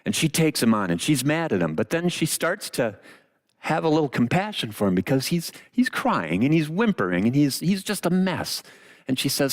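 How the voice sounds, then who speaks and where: A man preaching a sermon, retelling a story with dramatic pauses and expressive delivery. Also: on the high side.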